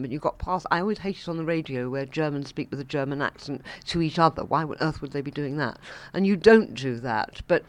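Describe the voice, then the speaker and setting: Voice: medium pitch, no echo. An arts interviewer who talks in an effusive, enthusiastic way. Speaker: radio interviewer.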